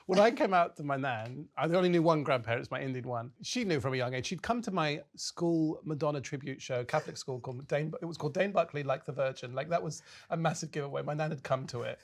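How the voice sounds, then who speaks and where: A man's voice: a little high, quick pace, hardly any pauses. A man in his thirties, a comedian guest chatting casually on a podcast and telling self-mocking stories. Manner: animated, self-mocking storyteller.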